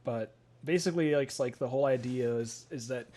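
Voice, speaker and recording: A man's voice: mid-range voice, a little fast, warm tone. A young man hosting a casual podcast, rambling with lots of fillers and laughing often. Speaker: podcast host. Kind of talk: casual chat.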